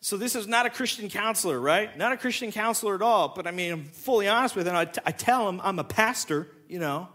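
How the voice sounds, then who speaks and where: A man who is a pastor, preaching a sermon and acting out both sides of a conversation in an animated storytelling way. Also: high voice, quick pace, hardly any pauses.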